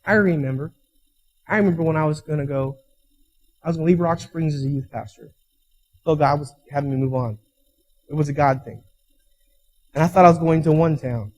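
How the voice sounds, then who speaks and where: On a poor recording, a man with a slightly high voice preaches as a pastor. His storytelling sermon climbs to emphatic, loud peaks, and he performs the voices of the people he quotes.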